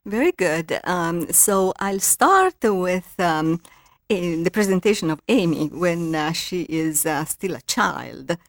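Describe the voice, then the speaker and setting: An older woman from Italy with an Italian accent, a guest author who talks haltingly with many ums and reads from her novel. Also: on the low side, animated, dry recording, studio quality. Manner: hesitant, many ums and uhs. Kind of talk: interview, reading from her novel.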